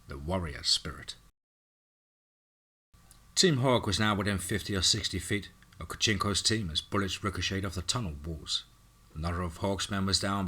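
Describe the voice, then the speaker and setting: A man narrating a horror story in a dramatic, steady way. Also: deep voice.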